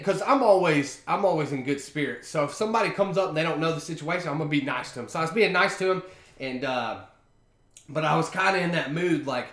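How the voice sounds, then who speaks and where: A man's voice: on the high side, a bit bright, reverberant. A man hosting a casual solo podcast, telling stories in a chatty, slangy way full of fillers. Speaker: podcast host.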